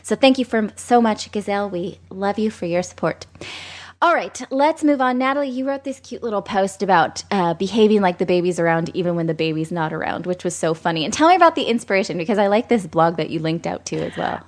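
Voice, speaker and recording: A pregnant woman in her thirties hosting a casual chat, chatty and quick to laugh. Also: mid-range voice. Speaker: podcast host.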